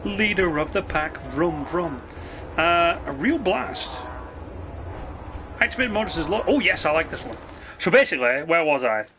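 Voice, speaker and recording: A man's voice: on the high side, animated, a little slow, over music. A man streaming a game, ranting in a sarcastic, sweary, rambling way. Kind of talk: casual rant while gaming.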